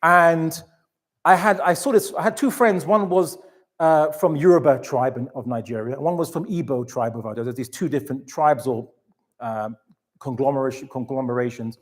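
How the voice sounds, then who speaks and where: A man giving a lecture to an audience, animated and chatty, full of restarts and asides. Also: mid-range voice, moderate pace. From England. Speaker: Islamic lecturer.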